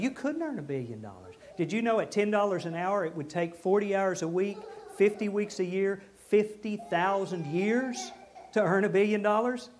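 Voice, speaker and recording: Folksy high-voiced preacher. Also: male voice. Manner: folksy, animated, acts out people he quotes. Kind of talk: sermon. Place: church.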